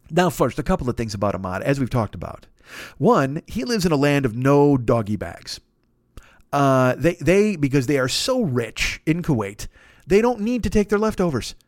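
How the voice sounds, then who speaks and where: In a comic storytelling monologue, a high-voiced podcast host delivers a long, animated rant full of swearing. His pitch jumps around as he plays every character in the story, and the recording is close and dry with no room or echo.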